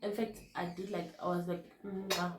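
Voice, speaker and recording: A young South African woman telling a personal story to camera in a hushed, subdued way, often mixing in Zulu. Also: lowish voice, level tone, a little fast, reverberant, a crowd in the background. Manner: hushed and subdued when recalling events, code-switching. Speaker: vlogger.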